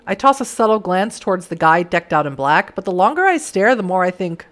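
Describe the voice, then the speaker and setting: A hoarse woman streamer reading a story game aloud and chatting along. Her pitch is lively and bouncy, and her delivery is animated and playful. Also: brisk. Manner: animated, laughs between lines.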